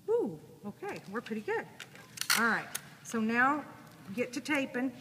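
A woman teaching a sewing class, talking casually and thinking out loud as she demonstrates. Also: a little high, big pitch swings, a little slow. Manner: casual, chatty, thinking aloud while working. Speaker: sewing instructor. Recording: echoey room with audible noise.

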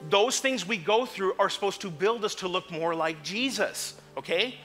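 High-voiced impassioned male preacher. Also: animated, moderate pace, faint music behind. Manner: impassioned, swings from quiet to shouting. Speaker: pastor. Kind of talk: sermon. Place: church sanctuary.

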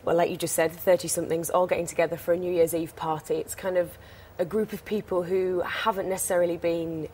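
A young actress with a Teesside accent, chatting in a TV interview in a bubbly, rambling way. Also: female voice, lowish voice, little pitch movement, fast talker, few pauses, darkish tone, slight background noise. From Teesside, England. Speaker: actress, studio guest.

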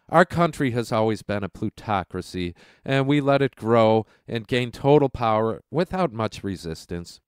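A man hosting a radio show, ranting with heat and sarcasm about those he blames. His voice is stuffy and congested from a cold, yet stays smooth and resonant. The sound is dry and close, recorded at home. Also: medium pitch, no echo. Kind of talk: political commentary rant.

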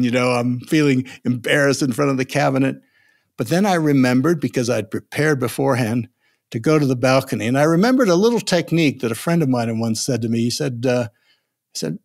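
Older male guest, lively storyteller, does the voices of people he quotes. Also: medium pitch, fast talker. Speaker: negotiation expert guest. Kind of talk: storytelling in a podcast interview.

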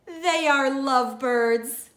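Give me a calm cheerful storybook pig, as a woman does her, high-pitched and bright, reassuring her friend. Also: takes it slowly, echoey room. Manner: matter-of-fact, reassuring. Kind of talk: storybook read-aloud.

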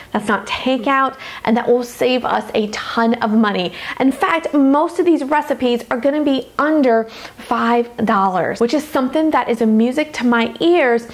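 A woman with a Louisiana Southern accent, hosting a casual cooking tutorial in her home kitchen, chatty and upbeat, calling her viewers gang and y'all. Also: high voice. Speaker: dietitian and cooking host.

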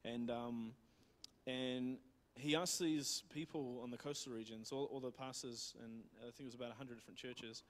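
A man's voice: mid-range voice, fairly even intonation, normal speed. A man with a New Zealand accent retelling a missionary's story in a church talk, rambling with many fillers and restarts. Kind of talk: casual sermon storytelling.

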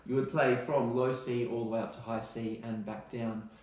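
An Australian man teaching music in a relaxed, chatty way, now and then singing scale notes to demonstrate. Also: medium pitch, moderate pace, heavy reverb. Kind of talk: recorded online music lesson.

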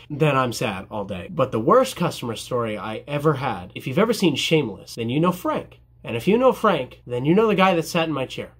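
Jokey young barber with a husky voice. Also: male voice, mid-range voice, big pitch swings, a little fast, hardly any pauses. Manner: jokey, self-deprecating, mimics customers. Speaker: barber answering viewer questions. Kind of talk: casual vlog Q&A.

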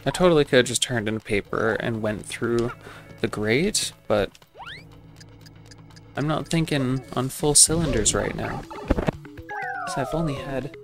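Man, mid-pitched let's-play host; rambling, self-deprecating, faint game music behind. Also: measured pace, vocal fry, pauses often. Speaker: gaming channel host. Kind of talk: casual let's play commentary.

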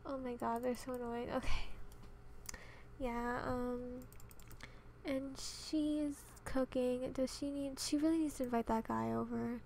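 A young woman with a high voice talks over her game at a home desk mic, casual and exasperated. She mutters at the characters and complains openly. Faint noise sits under the recording. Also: fairly even intonation, measured pace, vocal fry, a little mellow. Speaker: gaming channel host. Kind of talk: casual gameplay commentary.

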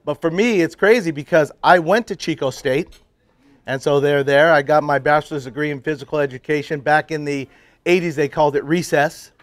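Animated middle-aged man giving a testimony. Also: on the high side, brisk, no room sound. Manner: animated storyteller, swings from loud laughing bursts to quiet earnest tones. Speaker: church pastor speaking to a men's group. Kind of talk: casual personal testimony talk. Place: live talk to a roomful of men at a breakfast.

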